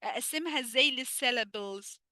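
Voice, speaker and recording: Egyptian lady teaching english online, high voice, dry close sound, drags her english words slow. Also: bright, forceful tone, dry recording. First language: Egyptian Arabic. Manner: switches between English and Arabic, asks questions and answers them herself; slow, drawn-out English for teaching, rapid Arabic asides. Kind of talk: live online English lesson.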